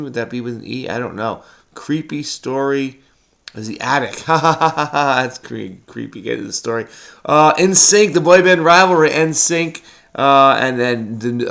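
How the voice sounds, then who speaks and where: A man's voice: medium pitch, creaky, a bit bright. A man thinking aloud as he solves a crossword, frenetic and muttering to himself, often breaking into bits of song. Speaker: crossword solving video host. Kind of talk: thinking aloud while solving, casual.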